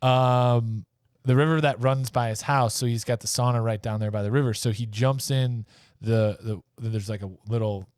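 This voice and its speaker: A man's voice: mid-range voice, steady tone, normal speed, darkish tone, clear, resonant tone, no echo, studio quality. A middle-aged man co-hosting a podcast, telling stories in casual chat and laughing often. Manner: giggly storyteller, laughs often. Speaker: podcast co-host.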